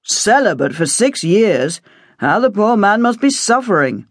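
Woman doing a brash young man, mocking, offhand, lively pitch, dry sound. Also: brisk, no echo, natural voice.

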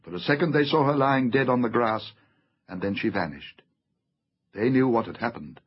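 A man narrating a fantasy audiobook in an expressive, theatrical reading. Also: medium pitch, moderate pace, slightly rough. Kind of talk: scripted storybook narration. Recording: slightly dull lo-fi audiobook recording with faint music.

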